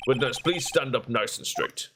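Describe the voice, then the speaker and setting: A man's voice: mid-range voice, lively intonation, moderate pace, background noise, close to an everyday voice. A man reading as a fussy, formal older judge. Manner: formal, ceremonious.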